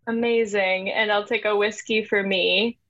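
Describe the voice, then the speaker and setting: A woman's voice: medium pitch, fairly even intonation, a little slow, fairly bright tone. A woman playing a tabletop game who speaks in a flirtatious, teasing way, recorded on a slightly muffled mic. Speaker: player.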